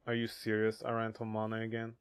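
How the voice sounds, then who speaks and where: A man's voice: fairly low pitch, completely flat delivery, fairly quick, clean tone. A man casually chatting on a gaming livestream, crude and joking as he reads chat aloud. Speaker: streamer.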